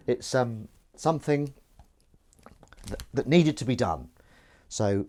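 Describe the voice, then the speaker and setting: A man's voice: mid-range voice, slow pace, long pauses, darkish tone. A British man streaming live as he washes up, chatting and joking with viewers in a self-deprecating way. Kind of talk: casual chat while washing dishes. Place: home kitchen at the sink.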